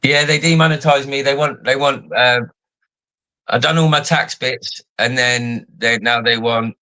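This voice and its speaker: A man's voice: mid-range voice, steady tone, measured pace, bright, forceful tone, rough recording. A man with a Cockney accent, chatting casually on a live stream and repeating words as he thinks. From England.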